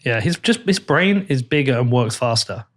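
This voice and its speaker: A man's voice: medium pitch, lively intonation, normal speed, a bit bright. A man hosting an in-person interview at a table, blunt and jokey, swearing casually. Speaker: podcast host. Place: in-person recording at a table in a room.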